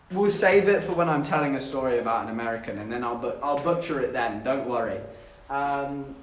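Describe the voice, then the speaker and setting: A man's voice: on the high side, recorded from a distance, slight background noise. Chatty young man from southern England. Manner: chatty, giggly storytelling, talks to chat. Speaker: streamer. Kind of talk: casual livestream chat. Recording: echoey room, voice a bit off-mic.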